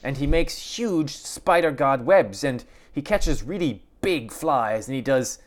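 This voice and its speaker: A man voicing a shrill, high-pitched old spider who teaches young spiders and tries to sound solemn but rambles. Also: lively intonation, measured pace, close to an everyday voice. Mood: mock-solemn. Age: older. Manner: solemn then babbling.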